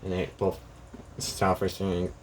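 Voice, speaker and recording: A man's voice: sits low, completely flat delivery, moderate pace, slight background noise. Man rambling through a fan story. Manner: rambling, many restarts and "she goes like". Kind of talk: casual fan story retelling.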